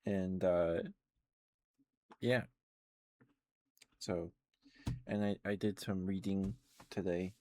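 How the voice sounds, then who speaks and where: A young man talks in a soft, sleepy ASMR murmur. His voice sits a little low, and his words come slowly. He rambles gently, drifting from one thought to the next. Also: flat delivery, a little hiss or hum. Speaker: ASMR streamer.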